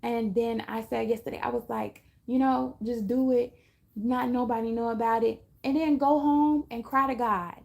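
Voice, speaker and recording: A woman's voice: a little high, steady tone, moderate pace, creaky, darkish tone. A woman giving a casual spiritual talk to her viewers, chatty, often laughing and acting out little voices. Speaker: astrology reader.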